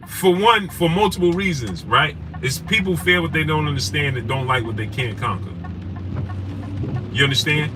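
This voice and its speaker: A sports show host with a wife and kids speaks in a bright, forceful voice on the high side. On his casual live stream he talks passionately, calls out viewers by name and frequently asks "right?", captured by a distant mic with clear background noise.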